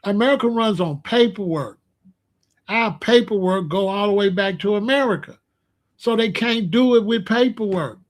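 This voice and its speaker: A man giving casual, animated commentary with emphatic repetition and sudden loud outbursts. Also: sits high, normal speed. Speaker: commentary vlogger.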